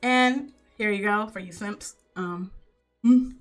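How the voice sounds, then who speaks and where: A woman's voice: mid-range voice, slow, soft background music. A woman narrating a tabletop game as game master, slipping into character voices for the quoted lines.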